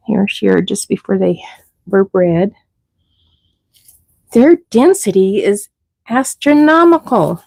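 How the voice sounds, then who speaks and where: A middle-aged woman chats casually on her livestream, slow and unhurried. Her voice is gravelly and mellow. She coos sweetly at the baby rabbits between remarks. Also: medium pitch, no room sound, poor audio. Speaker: rabbit breeder hosting a livestream.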